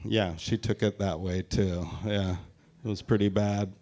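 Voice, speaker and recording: A man's voice: lowish voice, fairly even intonation, unhurried, a little mellow. Crude self-mocking stand-up comic man. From Tacoma, Washington, US. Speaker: stand-up comedian. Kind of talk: live stand-up set. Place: live show at a brewery.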